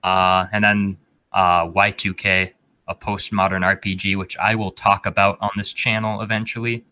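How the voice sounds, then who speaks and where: A young man with a low voice and a bright, forceful edge hosts a casual podcast chat. He rambles and fills his talk with "uh" and "like". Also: flat delivery, normal speed. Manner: rambling, full of filler words. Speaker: podcast host.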